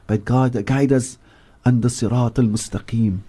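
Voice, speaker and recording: A man with a South African accent giving religious teaching on radio, reciting verses slowly and then explaining them with emphatic repetition from a studio. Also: mid-range voice, steady tone, warm tone, slightly rough. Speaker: Islamic scholar and regular radio guest.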